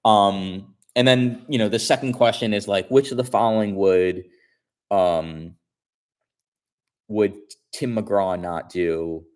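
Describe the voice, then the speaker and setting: A man tells a story on his stream in a relaxed, chatty way. His voice is low and deep, and he loops back over his own words and restarts sentences as he goes. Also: slow, clear, resonant tone. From Chicago area. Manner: rambling, repeats himself, many restarts. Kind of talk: casual storytelling.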